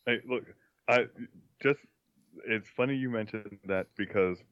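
A man who tells wry stories in a halting way, stopping and restarting as he goes. His voice is low and the sound is slightly dull and dry. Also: no room sound. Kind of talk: casual chat.

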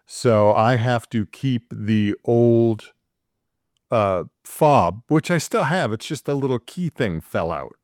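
A man's voice: medium pitch, expressive, slow, a little mellow, no echo, clean studio sound. A man in casual chat, telling a long story with many fillers and restarts.

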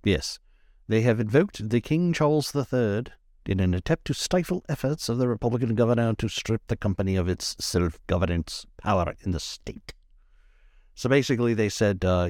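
Casting: deep-voiced man, podcast co-host, rambling wry storyteller, dry close mic. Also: expressive, normal speed, a little mellow, no room sound. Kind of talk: casual chat.

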